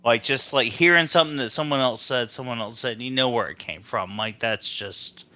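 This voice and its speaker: A man's voice: mid-range voice, brisk, sharp tone. A man co-hosting a casual podcast, rambling and swearing with lots of fillers. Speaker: podcast co-host.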